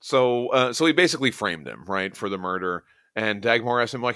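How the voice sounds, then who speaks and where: A man's voice: mid-range voice, expressive, brisk, bright, forceful tone, clear, resonant tone, no echo, clean studio sound. A man hosting a casual podcast, retelling comic book scenes and quoting characters. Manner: retells scenes with quoted lines. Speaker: podcast host.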